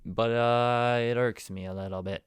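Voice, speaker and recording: A man hosting a casual solo podcast, rambling along and breaking into sudden loud, emphatic bursts. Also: medium pitch, fairly even intonation, moderate pace, clear, resonant tone, dry recording. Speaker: podcast host.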